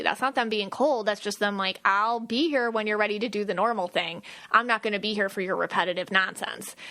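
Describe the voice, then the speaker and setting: Bright, chatty woman podcast host. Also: medium pitch. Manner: chatty, laughing, acts out quick quoted voices. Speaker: podcast host, aura reader. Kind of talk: casual explanatory podcast talk.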